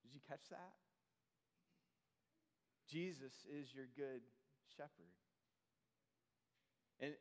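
A man preaching a sermon as pastor, earnest, often dropping to a soft, slow voice for emphasis. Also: sits high. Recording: long hall reverb.

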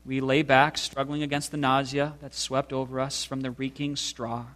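A man reading a memoir passage aloud to listeners in a slow, deliberate, expressive way. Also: medium pitch. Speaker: reader.

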